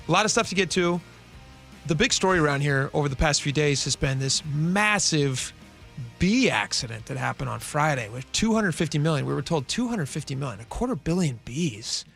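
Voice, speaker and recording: A man's voice: fairly high pitch, gravelly. A man co-hosting a talk radio show, chatting casually and joking while asking eager questions from the studio.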